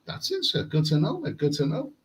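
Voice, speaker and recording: Live streaming from a hotel room with the air conditioning on, this travel vlogger talks fast, his fairly high voice swooping wildly in pitch. He rambles casually, repeating words as he reads comments, and the recording is rough.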